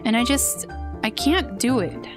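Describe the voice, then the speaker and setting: A woman's voice: a little high, lively intonation, unhurried. A woman voicing an earnest, troubled young woman, reading her lines with emotion over game music. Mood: pleading.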